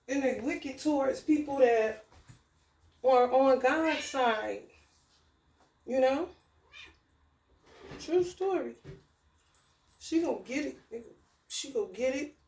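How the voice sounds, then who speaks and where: Brief: woman, profane spiritual vlogger, slightly high voice, roomy echo. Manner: profane, animated, laughing outbursts. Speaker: spiritual tarot reader. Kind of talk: casual spiritual vlog rant.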